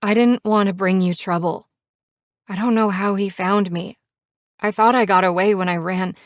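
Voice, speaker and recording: A woman reading the lines of a troubled young woman in an audiobook, halting and pleading. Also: medium pitch, steady tone, dry recording, clean studio sound, voice pushed up, close to an everyday voice.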